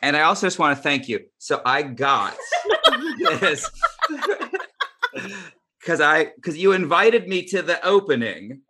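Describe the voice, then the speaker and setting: A man's voice: fairly high pitch, sing-song, measured pace, long pauses, pushed and bright, a little hiss or hum. A man interviewing a guest, friendly, often laughing while he talks. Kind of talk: conversational interview.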